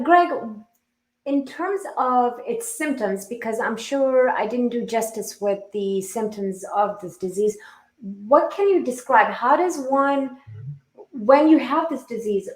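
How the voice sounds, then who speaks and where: A woman's voice: a little high, animated, a little slow. A woman hosting a podcast interview, who laughs easily as she introduces her guest. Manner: warm, laughing often. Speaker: podcast host. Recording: roomy echo.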